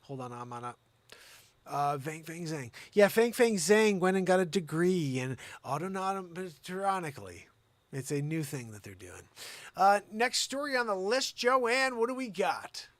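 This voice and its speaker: A man hosting a live-streamed comedy news show, rambling and sarcastic, jumping between loud reading and muttered asides. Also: high-pitched, expressive, a little slow, no echo.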